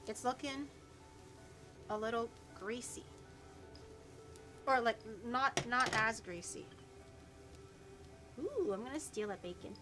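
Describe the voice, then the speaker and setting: Chatty woman streamer cooking, swearing freely. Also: a little high. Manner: chatty, swears, stutters and repeats words. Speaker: vtuber streamer. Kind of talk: casual cooking stream chat. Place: home kitchen.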